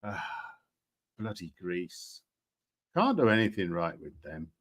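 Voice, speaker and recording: A man's voice: low voice, sing-song, slow, a bit bright. A man hosting a casual commentary show, sarcastic and rambling, with frequent hesitations. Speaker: host.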